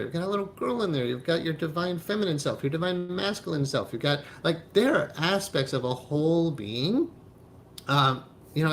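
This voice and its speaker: A man's voice: a little high, a little hiss or hum. A man giving a spiritual teaching talk on hypnotherapy, speaking emphatically, often checking in with "right?" and laughing as he goes.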